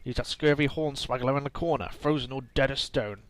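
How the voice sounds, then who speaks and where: A man's voice: mid-range voice, a little fast, dry recording, natural voice, low-quality recording. A man reading a game's dialogue aloud, voicing a boastful, rum-loving old male pirate with growled "arr"s. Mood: blustering pirate.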